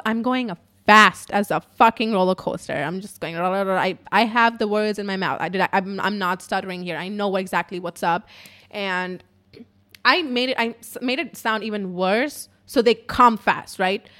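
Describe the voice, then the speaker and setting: A woman's voice: medium pitch, normal speed, fairly bright tone. A woman podcaster telling a personal story in casual, emotional speech, swearing often and filling with "like.". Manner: emotional, frequent swearing, lots of "like" fillers. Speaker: podcaster and YouTuber.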